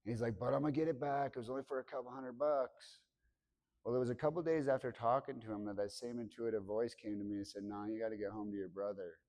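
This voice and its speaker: A man in his thirties speaking candidly to students about his life, halting and full of restarts, acting out remembered conversations. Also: on the low side, dark tone. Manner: acts out remembered dialogue with raised voice. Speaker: motivational speaker. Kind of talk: personal story told to a student audience. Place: school hall.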